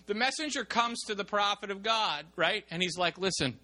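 A male preacher giving a lively sermon, reading scripture and explaining it while acting out the people in the story. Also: sits high, moderate pace. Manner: animated, acts out the people in the story. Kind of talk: sermon with Bible reading and commentary.

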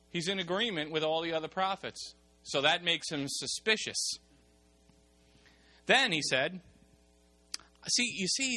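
Man, preacher, lively sermon, high voice, bright tone, acts out the people in the story. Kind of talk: sermon with Bible reading and commentary.

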